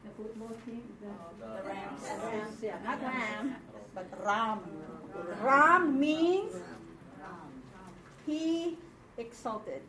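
Slow-talking woman teacher in an echoey room. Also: a little high, crowd noise. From Philippines. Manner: patient, drawn-out explanations with checking questions. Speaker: Hebrew teacher. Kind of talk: classroom lesson.

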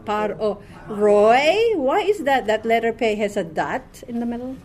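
A woman's voice: fairly high pitch, animated, measured pace, darkish tone. A woman teaching a classroom Hebrew reading lesson, patiently quizzing her students word by word.

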